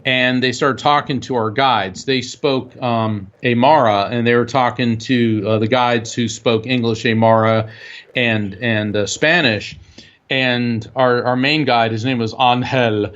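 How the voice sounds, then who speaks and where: A man is being interviewed as a guest and spins an animated story, full of fillers and restarts. His voice sits at an ordinary middle pitch. The audio is dull and lo-fi, like a radio recording. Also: unhurried. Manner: animated anecdote telling with many fillers. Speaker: guest author.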